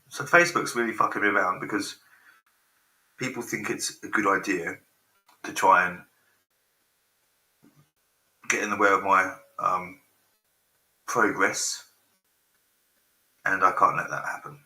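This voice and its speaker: A man in his forties hosts a live stream, rambling, swearing freely and getting distracted by technical snags. His voice sits lowish but sounds piercingly sharp and tense. It rings in an echoey room. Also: steady tone, moderate pace, long pauses. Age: 40s. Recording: roomy echo.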